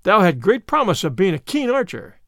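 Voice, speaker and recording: A man's voice: high voice, very animated, moderate pace, a bit bright, dry recording, studio quality, heavily acted. A man voicing Robin Hood, a hearty, bold male outlaw leader who exclaims in old-fashioned speech.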